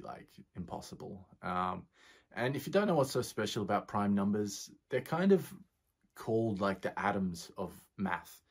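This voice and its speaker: A relaxed man talks through a science reaction video, loose and chatty, with slang dropped along the way. His voice is on the low side and a bit husky, with a breathy edge. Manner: relaxed and chatty, laughs often, slang like bro. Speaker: physicist YouTuber reacting to a series. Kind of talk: casual reaction commentary.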